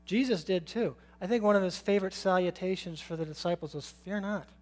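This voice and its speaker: Here a high-voiced man with a darkish tone talks fast as he preaches. The sermon feels conversational: he poses questions to the congregation and chuckles a lot.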